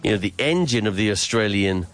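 A man's voice: on the low side, lively intonation, brisk, soft background music. A man hosting a mock news segment, reading formally and then restating it in plain words. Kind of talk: news-style reading for learners.

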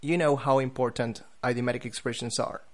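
A man giving a podcast lesson on English pronunciation, saying example words slowly and with care. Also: mid-range voice, steady tone. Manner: careful, deliberate, spelling out example words.

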